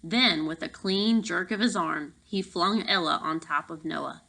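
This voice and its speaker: A woman narrating a children's novel aloud, reading lively and voicing the characters. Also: on the low side, a little slow, gravelly, poor audio. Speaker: audiobook narrator. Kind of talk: storybook narration.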